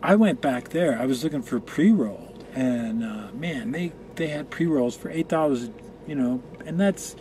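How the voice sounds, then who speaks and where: A man's voice: mid-range voice, animated, a little slow, warm tone, slight background noise. Rambling, profane man from Colorado. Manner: rambling, profane, tangential storytelling. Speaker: guest. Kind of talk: casual chat. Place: room where marijuana is being smoked.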